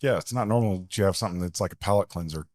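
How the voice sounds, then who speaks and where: A man's voice: sits low, very fast, a little mellow, dry recording, studio quality. A man co-hosting a casual podcast, chatty and joking. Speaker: podcast co-host. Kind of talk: casual chat.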